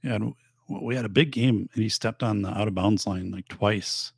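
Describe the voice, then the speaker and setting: Middle-aged guy rambling on his podcast, low gravelly voice, tired and going hoarse, dry close mic. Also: normal speed, no echo. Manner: rambling, many fillers and restarts. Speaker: podcast host. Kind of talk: casual chat reading viewer comments. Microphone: studio microphone.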